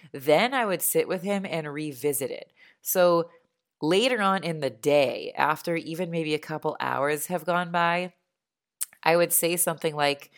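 A woman in her thirties, a parent, talking calmly and earnestly about how she raises her young son. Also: sits low. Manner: calm, earnest and reflective. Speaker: parent sharing advice. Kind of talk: casual spoken monologue.

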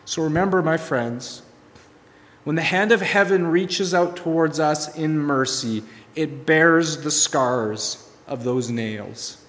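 A man preaching a sermon, telling a story and swinging from soft, hushed lines to emphatic ones. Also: on the high side, slow, long reverb tail. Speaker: pastor.

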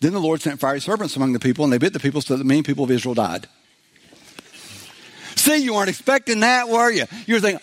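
A man's voice: a little high, lively intonation, fast. Joking, conversational male preacher. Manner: conversational, acts out biblical voices with humor; frequent fillers and restarts. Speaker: pastor. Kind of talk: sermon.

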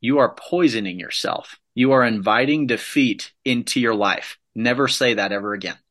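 A man's voice: mid-range voice, moderate pace, fairly bright tone. A man giving a motivational talk, emphatic and punchy, hammering points home with repeated phrases. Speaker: motivational speaker.

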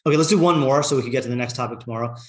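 A man leads a casual Torah lesson in an easy conversational way, dropping in plenty of "like" and "you know". His voice sits at an ordinary middle pitch. He reads Hebrew text aloud and translates it, and the recording carries a noticeable room echo. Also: very fast. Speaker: Torah class teacher.

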